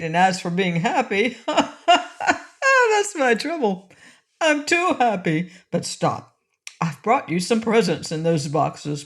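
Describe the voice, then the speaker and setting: A woman doing a giggling, jolly fat little king. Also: lowish voice. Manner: giggly, merry, laughing. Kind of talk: audiobook reading.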